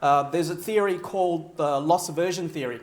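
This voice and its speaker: A man's voice: on the high side, normal speed. A man delivering a conference keynote, talking to the audience and checking in with frequent "right?" asides. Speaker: keynote speaker. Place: large conference hall. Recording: roomy echo of a large hall.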